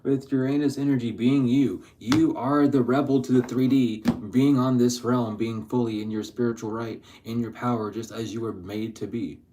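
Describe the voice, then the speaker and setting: A man's voice: moderate pace, few pauses, background noise. Chatty, profane man giving a tarot reading. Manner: chatty, slangy and profane, laughing often; drifts between loud excited bursts and low mutters. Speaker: tarot reader. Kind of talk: casual spiritual tarot reading.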